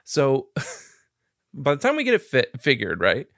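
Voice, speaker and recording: A man's voice: mid-range voice, huge pitch swings, unhurried, fairly bright tone, dry recording, studio quality. A man telling a long story in casual, profane chat, laughing as he goes.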